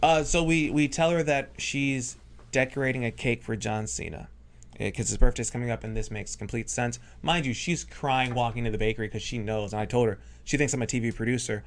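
Man telling an animated story. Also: medium pitch, a little fast, slight background noise. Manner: animated, acts out quotes in other voices. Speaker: guest storyteller. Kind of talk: casual anecdote on a talk show.

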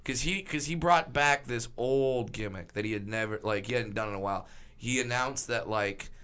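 An excitable man chatting casually on a podcast, stumbling over his words as he rushes ahead. His voice is bright and ringing. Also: mid-range voice, smooth. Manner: excitable, stammering, laughing.

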